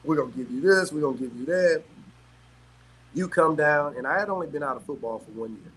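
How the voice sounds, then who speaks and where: A middle-aged man from South Carolina, telling stories as a guest in casual chat, animated and quick to laugh. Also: a little high, husky, low-quality recording. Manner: animated, laughs often, peppers talk with "man". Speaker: guest, former pro athlete. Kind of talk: casual storytelling.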